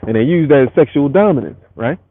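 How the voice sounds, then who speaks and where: A man's voice: mid-range voice, lively intonation, fast talker. A man ranting on a live stream from home, rambling and profane as he talks straight to his viewers. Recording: tinny phone audio with faint hiss.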